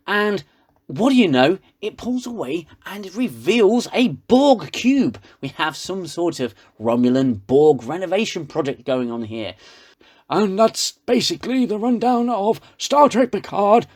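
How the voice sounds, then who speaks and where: A man giving a sarcastic, ranting comedic recap of a TV episode. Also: a little high. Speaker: reviewer.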